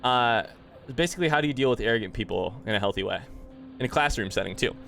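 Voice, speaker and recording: A man's voice: mid-range voice, expressive, quick pace, gravelly, fairly bright tone, faint music behind. Male streamer, winded from push-ups, rambly live chat with his viewers. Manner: rambling, thanks chat by name, thinks aloud. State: out of breath.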